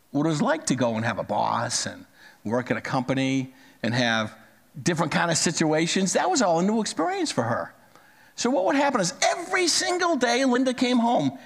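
A man's voice: a little high, vocal fry. A man in his sixties telling a personal story in a plain-spoken, conversational way. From United States. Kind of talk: storytelling talk.

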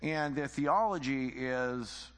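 A man's voice: medium pitch, slow pace, fairly bright tone, smooth, big-room sound. A man teaching the Bible informally, conversational and full of rhetorical questions and repeated phrases.

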